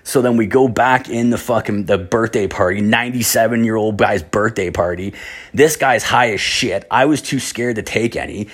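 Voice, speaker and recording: A man's voice: lowish voice, moderate pace, breathy edge. A young man casually telling a rambling story, swearing constantly and acting out other people's voices.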